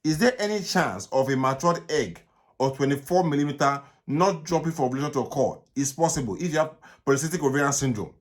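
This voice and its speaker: Nigerian male doctor, fairly high-pitched, fielding live questions, brisk and repetitive. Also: animated. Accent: Nigerian English. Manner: brisk, repetitive advice with frequent "okay?". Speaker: gynaecologist answering live viewer questions. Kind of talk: live Q&A stream.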